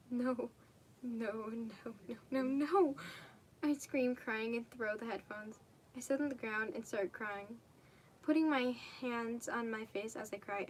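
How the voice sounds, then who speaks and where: A young woman reads fan fiction aloud in a loose, casual way, tripping over words and fixing them as she goes. Her voice sits a little high. A faint hiss of noise runs behind her. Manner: casual, stumbling, self-correcting, swears. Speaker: fanfic reader.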